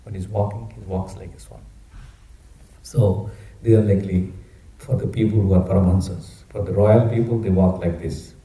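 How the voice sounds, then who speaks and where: A man preaches in a lively, conversational way, his voice very dark and mellow. He is in a roomy hall with a clear echo. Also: low voice, normal speed. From India. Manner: animated, conversational. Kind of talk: storytelling sermon.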